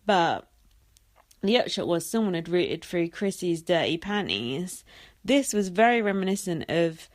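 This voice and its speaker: A woman's voice: lowish voice, expressive, a little slow. A young woman vlogging a casual recap, sarcastic and sweary, full of "like" and "um". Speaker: vlogger recapping a reality show.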